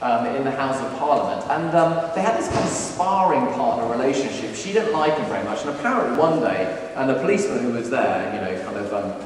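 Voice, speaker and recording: A man giving a lively lunchtime talk to students, acting out quotes with playful humor. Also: medium pitch, brisk, hardly any pauses, noisy background. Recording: echoey hall, recorded from a distance.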